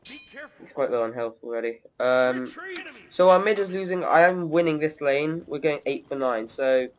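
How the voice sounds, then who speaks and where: A man's voice: fairly high pitch, lively intonation, normal speed. A young man, casually commenting on his own gameplay and joking as he plays. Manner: chatty, laughs and taunts while playing.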